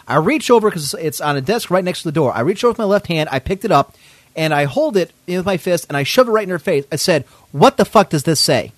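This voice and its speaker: A man's voice: high voice, lively intonation, fast, dry recording. A man hosting a podcast, telling a story in a casual, indignant way, swearing often. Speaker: podcast host.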